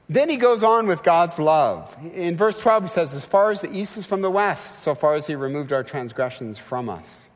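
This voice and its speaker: A middle-aged man delivers a sermon with a lively, swinging delivery in a fairly high voice, pressing his points with rhetorical questions. His words carry a long reverb from a large church sanctuary. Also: moderate pace, few pauses. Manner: animated and emphatic, with rhetorical questions. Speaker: guest preacher.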